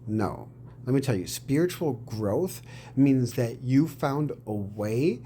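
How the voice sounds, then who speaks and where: Guy with a dark mellow voice reacting to his own video, rambly and sweary, sometimes going all preachy, faint noise behind. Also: mid-range voice, lively intonation, slow pace. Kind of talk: casual reaction commentary.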